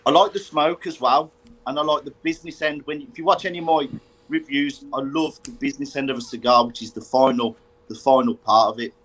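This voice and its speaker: A man, a guest cigar reviewer, explaining his view in a relaxed way with repeated words. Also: medium pitch, brisk, poor audio. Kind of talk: casual podcast chat.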